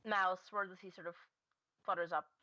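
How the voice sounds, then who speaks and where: A woman's voice: on the low side, steady tone, moderate pace, bright, forceful tone, no room sound, dull audio. A woman narrating a tabletop game as game master, hesitant, with many fillers and self-corrections.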